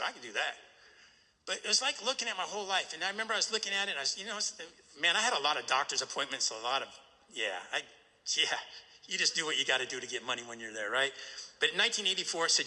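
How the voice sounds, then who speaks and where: A man's voice: sits high, expressive, very fast, sharp tone. A middle-aged man telling his recovery story to a live audience, acting out the voices of the people in it and asking "right?" after each turn. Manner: storytelling, acts out quoted voices, tag question "right?". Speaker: recovery meeting speaker. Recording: echoey hall.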